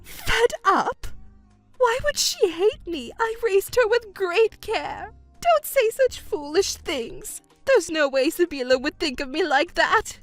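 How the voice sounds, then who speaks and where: A woman's voice: normal speed, hardly any pauses, a bit bright, soft background music. A woman voicing a selfish, whiny middle-aged stepmother who pleads and complains in a texting story. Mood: desperate. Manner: shrill, pleading and self-pitying.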